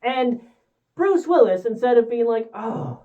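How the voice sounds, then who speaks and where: A woman's voice: medium pitch, big pitch swings, moderate pace, warm tone, muffled recording. A woman giving a casual spoken movie review, ranting in an exasperated, profane way.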